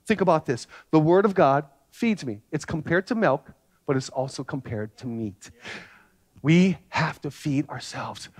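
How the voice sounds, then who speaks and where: A male pastor delivers a sermon in a church service, his voice sitting notably high for a man. He preaches conversationally, slipping easily into personal stories.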